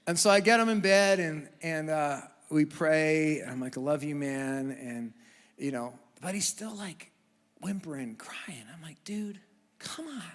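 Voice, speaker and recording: A man in his thirties preaching a sermon with humor, moving from hushed asides to loud, fervent passages. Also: fairly high pitch, lively intonation, unhurried. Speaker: pastor. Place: church auditorium. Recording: long church hall reverb.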